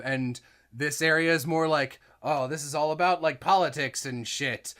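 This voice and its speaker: Lively casual male podcast co-host. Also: on the high side, measured pace. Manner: loose, swears freely, laughs into put-on voices. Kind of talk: casual chat.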